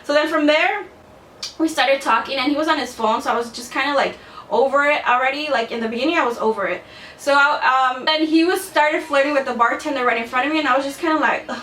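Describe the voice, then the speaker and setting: A high-voiced young woman chats to camera about her dating life, blunt and casual, with a lot of "like" and plenty of swearing. She sounds a little far from the mic in an echoey room with faint room noise. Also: fast talker, fairly bright tone. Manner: chatty, blunt, swears freely, lots of "like". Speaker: vlogger.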